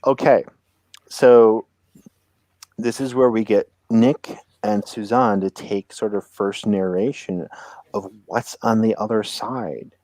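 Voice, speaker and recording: A man's voice: on the low side, steady tone, takes it slowly, a little mellow, dry recording. A man narrating as game master of a tabletop roleplaying game, describing scenes and asking players what they do.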